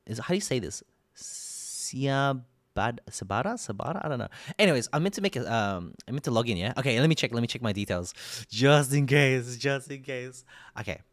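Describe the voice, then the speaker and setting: Australian man, live streamer, rambling casual chat, lively pitch, dry sound. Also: fast, no room sound. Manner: rambling, self-correcting, frequent laughs. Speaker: streamer reading a sponsored ad.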